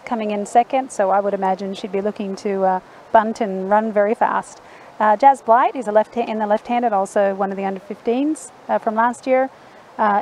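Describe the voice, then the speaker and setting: Woman, Australian accent, colour commentator, fairly high voice, friendly, faint outdoor noise. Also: mellow. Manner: friendly, informative, with fillers. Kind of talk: live sports commentary.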